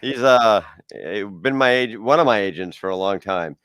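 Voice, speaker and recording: A man from Boston whose voice swings up and down as he trades jokes in relaxed talk. The sound is close and dry, with no room around it. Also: on the low side, clear, resonant tone, no echo. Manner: quick reactive quips, laughs often. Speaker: co-host. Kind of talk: casual chat.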